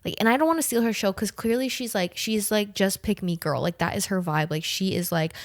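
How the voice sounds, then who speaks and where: A young woman in her twenties from the southern United States, telling a story in a casual, animated, profane way, full of slang and "like". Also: mid-range voice, a little fast, no echo, studio quality. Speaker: podcast host.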